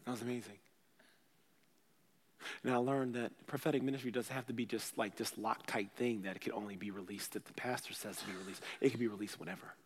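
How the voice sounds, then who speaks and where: A man, a pastor, preaching a sermon in a casual, conversational way, swinging between loud bursts and quiet asides. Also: medium pitch, steady tone, a little fast, in a large hall.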